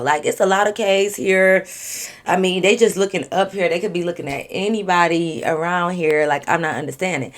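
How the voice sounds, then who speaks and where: A young woman tells a personal story for her vlog, animated and casual, full of slang and swearing. Her voice sits a little low for a woman. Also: moderate pace. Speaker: vlogger.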